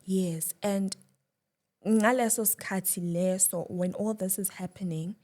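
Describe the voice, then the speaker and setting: A young woman, a guest, telling a personal story with emotion, dropping to a hush at times and restarting her words. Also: mid-range voice, fairly even intonation, a little slow. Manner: shifts between loud and hushed, restarts.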